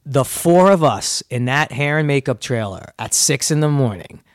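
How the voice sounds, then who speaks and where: A man's voice: medium pitch, lively intonation, normal speed, dry recording, clean studio sound. A young man, an actor guest, telling stories in a laid-back, wry way. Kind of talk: casual chat.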